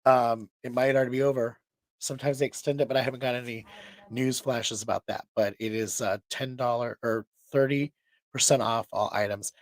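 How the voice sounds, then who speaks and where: Tired male host, rambling chat, mid pitch, dry sound. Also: steady tone, a little fast, no echo. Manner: rambling, chatty, many restarts. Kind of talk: casual show chat.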